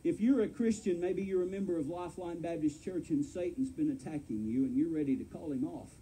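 Pastor, male, higher-pitched warm voice, earnest folksy sermon in a church, faint hum behind. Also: fairly quick, rough recording. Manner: earnest, folksy preaching, addresses listeners as friend. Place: church sanctuary.

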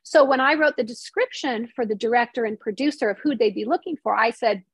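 A woman's voice: fairly high pitch, brisk, breathy edge, no room sound, poor audio. A woman screenwriter and novelist, talking in a casual interview and telling stories animatedly, with many restarts.

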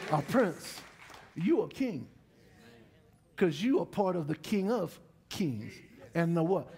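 A middle-aged man preaching a sermon in a church, with lively call-and-response to the congregation. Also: high-pitched, measured pace, vocal fry, pauses often. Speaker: pastor. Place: church sanctuary.

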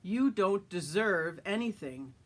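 A woman's voice: mid-range voice, expressive, slow. A woman reading a story aloud, voicing a reserved older brother cowboy who answers firmly. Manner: firm, clipped replies.

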